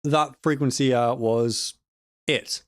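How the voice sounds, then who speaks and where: A man's voice: mid-range voice, steady tone, slow pace, no echo, studio quality. A man casually explaining audio harmonics in a vlog, rambling and correcting himself with joking asides. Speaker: audio student vlogger.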